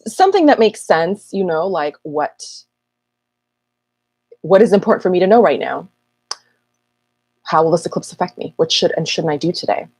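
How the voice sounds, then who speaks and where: A woman astrologer hosting a casual live Q&A, chatty and rambling with self-mocking asides, her voice a little husky this morning. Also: lowish voice, very animated, normal speed, long pauses, a little mellow, no echo. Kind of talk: casual livestream chat.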